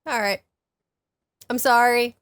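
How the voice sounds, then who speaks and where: A woman's voice: fairly high pitch, fairly even intonation, fairly bright tone. A woman co-hosting a casual podcast chat, teasing her friend and laughing often. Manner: teasing, giggly, quick to laugh. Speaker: podcast co-host.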